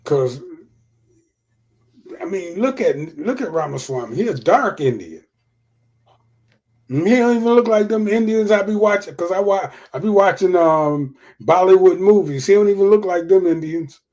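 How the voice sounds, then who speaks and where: A man with a high, slightly mellow voice hosts a livestream of casual political commentary. He swears freely and repeats his points for emphasis.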